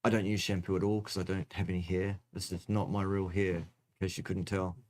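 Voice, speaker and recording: Teasing low-voiced male host. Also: little pitch movement, brisk, darkish tone. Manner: dry, teasing, jokey. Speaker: host answering viewer questions. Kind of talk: casual livestream chat.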